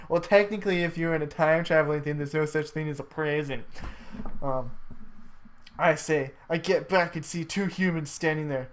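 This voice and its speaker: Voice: mid-range voice, fairly even intonation, moderate pace. A casual reader reading a homemade adventure story aloud among friends, joking, swearing and tripping over the text.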